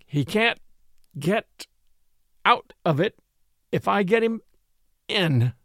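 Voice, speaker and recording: A man's voice: high-pitched, very animated, moderate pace, dry recording, clean studio sound. A man reading an audiobook, voicing a gallant young male attorney who pants and jokes dryly. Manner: panting, dryly humorous.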